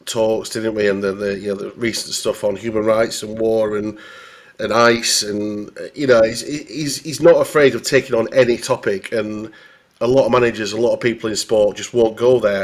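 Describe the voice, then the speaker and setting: A man with a Northern English accent, a football journalist chatting casually on a podcast, rambling with many restarts. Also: fairly low pitch. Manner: rambling, full of restarts and "you know".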